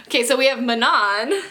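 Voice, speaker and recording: A young woman talking to her vlog audience in a loose, chatty way, full of fillers and little laughs. Her voice sits a bit high and sounds bright. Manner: chatty, giggly, lots of fillers. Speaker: book vlogger. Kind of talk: casual vlog chat.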